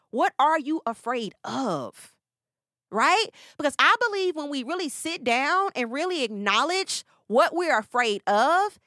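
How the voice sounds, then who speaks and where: High, lively woman giving a motivational talk. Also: no room sound, studio quality. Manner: preacherly, repeats phrases, speaks straight to listeners. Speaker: podcast host.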